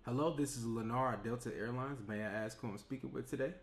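An actor playing a polite male airline phone agent who speaks in a calm, scripted customer-service tone. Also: medium pitch, fast talker, echoey room, heavy background noise, lightly acted. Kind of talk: comedy skit.

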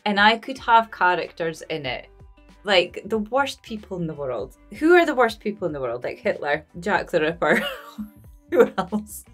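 A young Scottish woman hosts a movie reaction video, rambling casually about the film and repeatedly dissolving into giggles. Her voice is fairly low and very animated, delivered at a normal speed over soft background music.

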